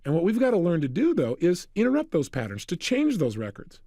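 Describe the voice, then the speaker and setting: A man giving a motivational talk, telling energetic stories and acting out the dialogue. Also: high-pitched, fairly quick, no echo, clean studio sound. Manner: energetic, storytelling, acts out dialogue. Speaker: motivational speaker.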